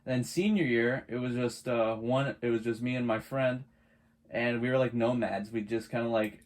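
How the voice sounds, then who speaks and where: A man's voice: mid-range voice, steady tone, moderate pace. A young man co-hosting a podcast, chatting in an easygoing way, asking questions and laughing along. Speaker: podcast co-host. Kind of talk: casual chat.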